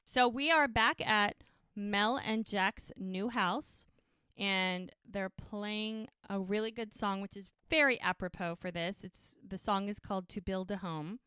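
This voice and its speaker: In this dry recording, a woman speaks in a mid-range voice at a measured pace, sounding pushed and bright with a clean tone. She's a podcast co-host chatting casually through an episode recap, retelling TV scenes and quoting what the characters say.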